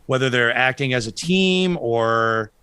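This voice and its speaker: Plain-pitched guy griping on a fishing podcast, cusses a lot, dead dry mic. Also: expressive, a little slow, pushed and bright, clear, resonant tone, no echo. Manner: blunt storytelling, swears freely, acts out both sides. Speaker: podcast co-host. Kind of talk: casual podcast chat.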